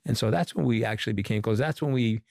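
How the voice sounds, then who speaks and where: A middle-aged man from Long Island, giving an interview as a former communications director and telling animated stories with quoted dialogue. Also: mid-range voice, fast talker, gravelly, no echo, studio quality. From Long Island, New York. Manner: animated storyteller who quotes people in dialogue. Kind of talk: conversational storytelling interview.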